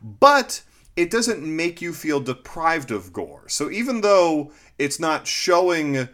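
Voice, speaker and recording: Animated man breaking down a movie. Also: on the high side, slow pace. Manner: animated, laughs easily, analytical. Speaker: podcast co-host. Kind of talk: casual movie review chat.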